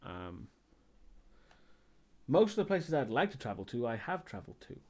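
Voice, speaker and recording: A man's voice: mid-range voice, very animated, moderate pace, a little mellow. A man streaming live and chatting casually as he answers viewer questions, rambling and hesitant, with many ums and restarts.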